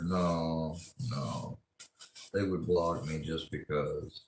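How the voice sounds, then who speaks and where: Deep-voiced man ranting profanely. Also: little pitch movement, slow, echoey room, slight background noise. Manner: angry, profane, rambling rant. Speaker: livestreamer. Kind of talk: ranting livestream monologue.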